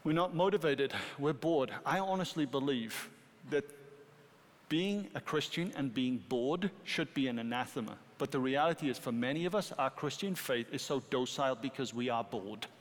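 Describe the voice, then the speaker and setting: British pastor preaching in a reverberant hall. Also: male voice, mid-range voice, normal speed. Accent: British English. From Britain. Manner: animated, rising to emphatic peaks. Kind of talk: sermon. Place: church sanctuary.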